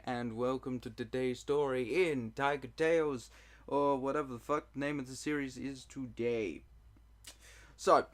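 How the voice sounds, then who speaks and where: Joking, self-mocking young man telling a story. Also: medium pitch. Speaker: storytelling vlogger. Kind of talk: casual storytime monologue.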